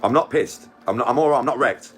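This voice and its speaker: A man's voice: medium pitch, quick pace, slight background noise. A middle-aged man chatting on a live stream, boastful, crude and rambling, laughing often. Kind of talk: boastful casual chat with friends.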